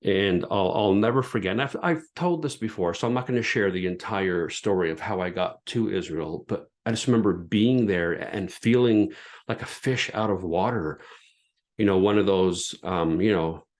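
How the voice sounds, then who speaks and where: A man in his fifties talks through a personal story on his own podcast, earnest and candid. His voice sits on the low side, and he often doubles back and repeats words as he goes. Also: normal speed, darkish tone. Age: 50s. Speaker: podcast host.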